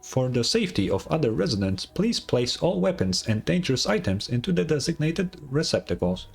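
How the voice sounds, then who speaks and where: A man voicing a gentle female announcement system in a game fan dub, speaking in a measured, polite manner. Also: mid-range voice, big pitch swings, vocal fry, husky, soft background music, full character voice. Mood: calm.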